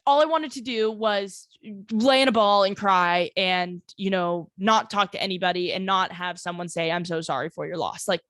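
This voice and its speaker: Recorded dry at studio quality, her voice is medium-pitched, brisk, and fairly bright. She's a podcast host in her twenties speaking alone from her family home, rambling candidly through a personal story, packed with "like" and unrestrained cursing.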